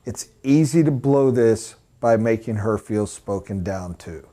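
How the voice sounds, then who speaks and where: Male sales trainer, energetic lecturer, punchy delivery with playful acted asides. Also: fairly low pitch, a little slow. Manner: animated, emphatic, mock voices for examples. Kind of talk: live sales training talk.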